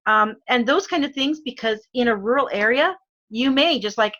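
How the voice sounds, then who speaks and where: A woman's voice: on the high side, lively intonation, moderate pace, sharp tone, highs cut off. A middle-aged woman from Arizona with an Arizona accent, chatting as a guest, with lots of fillers and frequent laughs. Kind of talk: casual chat.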